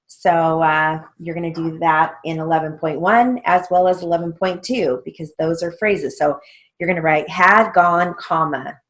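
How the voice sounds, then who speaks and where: A woman's voice: deep voice, fairly even intonation. A woman teaching a steno theory lesson, patiently spelling out words letter by letter and checking in with "okay?". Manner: slow, patient, letter-by-letter dictation with frequent "okay?" check-ins.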